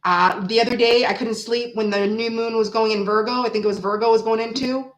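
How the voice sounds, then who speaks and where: A woman in her forties hosting a casual tarot livestream, chatting with viewers in an animated, blunt way, swearing freely and laughing often. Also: fairly high pitch, fairly quick, rough recording. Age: 40s. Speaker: tarot reader host.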